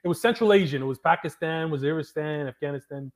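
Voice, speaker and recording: A man's voice: a little high, fast talker. A man co-hosting a casual talk show, blunt and wisecracking, who keeps cutting in. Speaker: podcast co-host. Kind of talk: casual banter.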